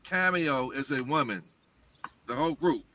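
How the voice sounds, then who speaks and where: Bright, emphatic man ranting. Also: medium pitch, animated, normal speed. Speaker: guest. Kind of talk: livestream talk show chat.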